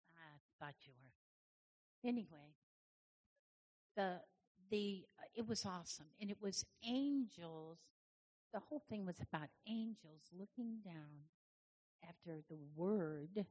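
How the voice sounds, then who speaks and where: A woman's voice: on the low side, expressive, a little slow, pauses often, highs cut off. A woman giving an informal, conversational sermon to a congregation, chatting with people in the room as she speaks. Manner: conversational, chatty with the audience, many restarts. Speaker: church speaker.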